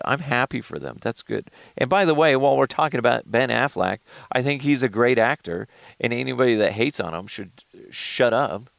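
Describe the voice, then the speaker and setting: Male solo podcaster, gravelly and animated, dry close sound. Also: low-pitched, no room sound. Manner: animated, profane, jumps between shouting and mumbling. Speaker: podcast host. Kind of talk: casual solo commentary.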